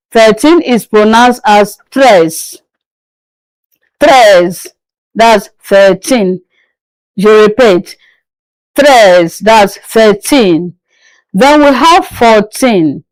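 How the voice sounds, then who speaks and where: Patiently urging learners to listen carefully, a woman teaching French pronunciation drills each word slowly, saying it several times and posing questions she answers herself. Her voice is a little high and somewhat mellow, captured in a rough recording with no room sound.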